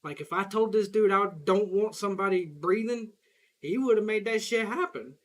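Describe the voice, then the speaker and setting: A young Southern US gaming streamer with a high-pitched, fairly bright voice rambles in profane, casual chat as he plays, laughing often at a normal speed.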